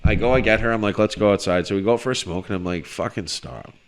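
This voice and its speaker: A man with a low voice tells a rowdy story to his friends on a podcast. He swears often and gets loud when he acts out what others said. His pace is relaxed, with bursts of energy. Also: rapid-fire, smooth. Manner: animated, swearing, shouts when quoting people. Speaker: podcast co-host telling a story. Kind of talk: casual storytelling among friends.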